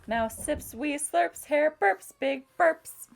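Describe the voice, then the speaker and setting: A woman's voice: high-pitched, slow, creaky. A woman teacher reading a picture book aloud to children in a sing-song way, asking them to join in. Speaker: music teacher.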